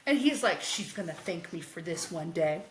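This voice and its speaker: A young woman podcast co-host recapping a comic in casual chat, animated and laughing as she acts out the characters' lines. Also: lowish voice, moderate pace, slight background noise. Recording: echoey room.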